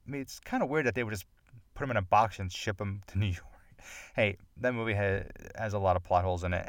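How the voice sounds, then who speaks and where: A man with a lowish voice hosts a podcast by himself, talking loosely and drifting off on tangents. He pokes fun at himself as he goes. The sound is dry and close, with no room around it. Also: dry recording. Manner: rambling, digressive and self-deprecating. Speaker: podcast host. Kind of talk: casual solo chat.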